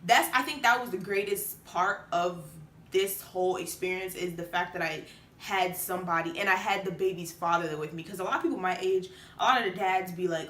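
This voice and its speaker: A woman's voice: on the low side, normal speed, a bit bright, echoey room, slight background noise. A late-teen woman telling a personal story to the camera, chatty and casual with many fillers. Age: late teens. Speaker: vlogger.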